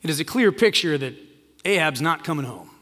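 A man's voice: on the high side, animated, a little fast, a bit bright. A man preaching a sermon, telling a story and acting out the quoted lines in a casual voice. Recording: long hall reverb.

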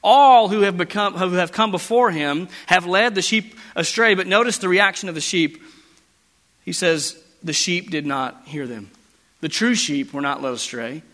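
A high-voiced man preaches to his congregation with a bright, forceful tone. He presses hard on key phrases, drawing them out slowly. His voice carries a long reverb from a large church hall. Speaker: pastor. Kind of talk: sermon.

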